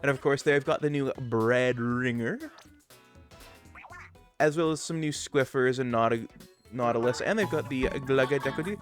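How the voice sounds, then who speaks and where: A man streaming a game live, chatty and excitable, talking to his chat as he plays. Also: mid-range voice, moderate pace, pauses often, soft background music. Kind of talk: live gameplay commentary.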